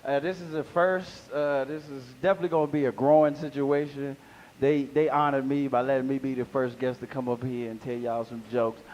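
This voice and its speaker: A man's voice: mid-range voice, level tone, fairly quick, a little mellow, highs cut off. An older man doing live stand-up comedy as a guest, rambling and playful, laughing at his own jokes. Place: live comedy venue with audience.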